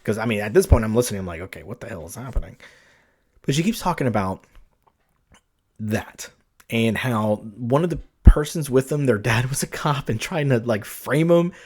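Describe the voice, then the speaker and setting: Man, podcast host, mid-pitched voice, casual storytelling, rambling, lots of fillers and restarts. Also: normal speed. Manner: rambling, full of "like" and "you know", many restarts, animated.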